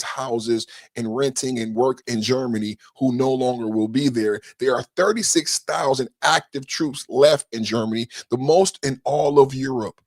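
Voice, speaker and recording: A man's voice: mid-range voice, no echo, clean studio sound. Indignant man ranting on a podcast. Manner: indignant, builds to shouting, swears often. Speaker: podcast host. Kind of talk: political commentary rant.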